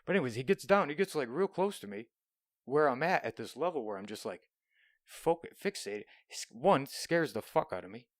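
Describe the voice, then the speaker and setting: A man's voice: medium pitch, expressive, moderate pace, no room sound, studio quality. A young man hosting a podcast alone, telling a rambling, profane story and dropping into whispers now and then. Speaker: podcast host. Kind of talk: solo storytelling monologue. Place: small room, alone.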